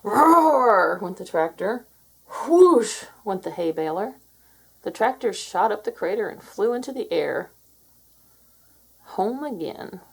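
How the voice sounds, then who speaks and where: A woman narrating a children's picture book aloud in an expressive storytelling manner. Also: mid-range voice, gravelly, breathy edge. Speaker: storybook reader.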